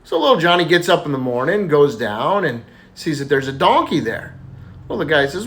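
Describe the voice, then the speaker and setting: A man telling dirty jokes in a casual style, animated and chuckling as he goes. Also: fairly high pitch, normal speed. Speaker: joke teller.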